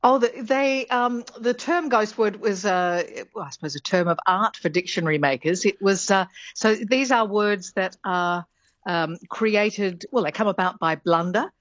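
A woman's voice: mid-range voice, unhurried, dry recording. Chatty woman linguist on a dull line. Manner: chatty, explanatory, with frequent fillers and small laughs. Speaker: linguistics professor, guest expert. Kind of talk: radio interview explanation.

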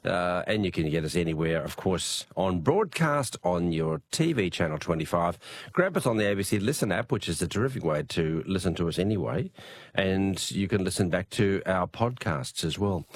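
An Australian man with a croaky, hoarse voice, hosting a late-night radio show in a relaxed, chatty way. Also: on the low side, no room sound. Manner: relaxed, chatty, frequent uh fillers. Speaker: radio host. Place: radio studio. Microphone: studio mic.

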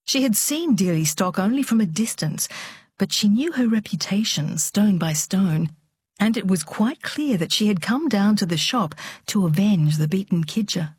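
A woman narrating an audiobook in a steady, measured storytelling voice. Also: medium pitch, breathy edge, no room sound, studio quality.

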